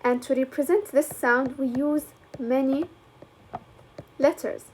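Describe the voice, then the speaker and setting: A young woman with a high voice and a Levantine Arabic accent gives an English lesson. She speaks slowly and deliberately, with frequent fillers as she explains. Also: fairly even intonation, a little mellow, a little hiss or hum. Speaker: English teacher. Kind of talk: classroom lecture.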